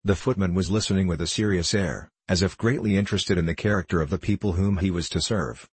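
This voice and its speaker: A man reading a classic novel aloud as an audiobook narrator, in a measured, even manner. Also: low voice, slightly rough, no echo. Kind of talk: scripted narration.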